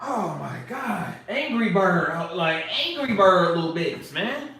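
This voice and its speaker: A man's voice: sits high, sing-song, slow pace, sharp tone, slight background noise. A man ranting casually to his livestream chat in a rambling, profane, preachy way. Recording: roomy echo.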